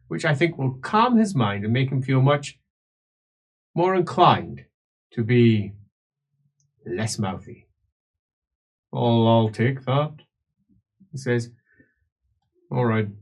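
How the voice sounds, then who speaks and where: A man's voice: mid-range voice, very animated, measured pace, breathy edge. A man, narrating as game master of an improvised tabletop game and slipping in and out of character voices. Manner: switches between many British-styled character voices.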